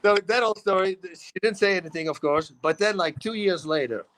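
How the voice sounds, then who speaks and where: A middle-aged man with a Dutch accent, telling animated stories in a casual talk show. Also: high-pitched, brisk, slight background noise, rough recording. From Netherlands. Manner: animated storytelling, acts out quotes, laughs often. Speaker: guest. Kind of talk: casual storytelling.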